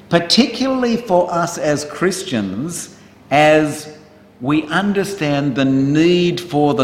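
A man preaching a sermon in church, chatting with the congregation and asking them questions in a conversational way. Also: mid-range voice. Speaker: pastor. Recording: roomy church hall reverb.

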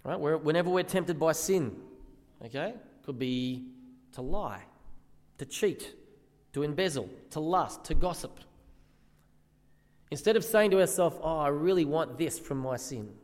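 A man's voice: fairly high pitch, lively intonation, a little slow, pauses often, in a large hall. A man preaching a sermon in earnest, often asking the listeners questions.

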